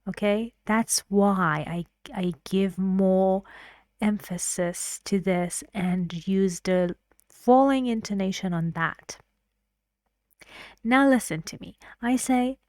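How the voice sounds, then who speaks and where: A woman explaining intonation in an English lesson, patient and clear, sometimes dropping to a whisper. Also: mid-range voice, takes it slowly, a little mellow, no echo, studio quality. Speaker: English teacher.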